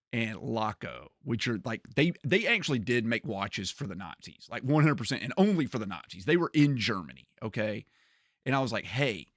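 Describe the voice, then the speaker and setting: A man chatting casually on a gaming livestream, animated, often repeating words and laughing. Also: medium pitch, gravelly, no echo, studio quality.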